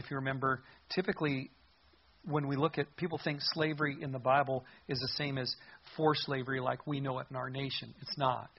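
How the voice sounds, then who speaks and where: Husky-voiced man preaching a sermon. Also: mid-range voice. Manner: earnest, conversational, reads scripture aloud. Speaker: pastor. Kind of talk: expository sermon. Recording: dull lo-fi sound.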